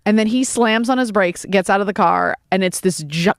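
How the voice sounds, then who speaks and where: A woman comedian chatting as a podcast guest, telling an animated, profane story. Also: mid-range voice, fairly quick, no echo, studio quality. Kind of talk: casual podcast chat.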